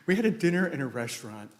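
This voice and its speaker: A man giving a eulogy for his late wife at a funeral, telling rambling, anecdotal stories with many restarts. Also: fairly high pitch. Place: large church sanctuary. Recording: echoey church hall.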